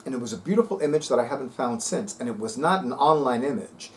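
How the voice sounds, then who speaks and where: A man's voice: medium pitch, animated, quick pace, slight background noise. A man talking casually to viewers as a vlog host, sassy, emphatic and dramatic. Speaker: spiritual video host.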